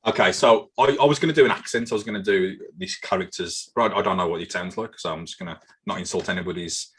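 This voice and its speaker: A man with a low, somewhat husky voice runs a quiz on a casual podcast. He swears and banters freely and trips over his own words. His delivery is loose and chatty. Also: quick pace, fairly bright tone. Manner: swearing, banter-heavy, repeats himself. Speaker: podcast co-host, quizmaster. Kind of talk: casual chat.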